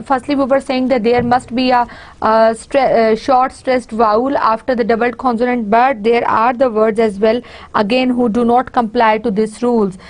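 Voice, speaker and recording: A woman lecturer with a Pakistani English accent, a native Urdu speaker, explaining at a steady pace with frequent fillers and restarts. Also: fairly high pitch. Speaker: university lecturer. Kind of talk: recorded online lecture.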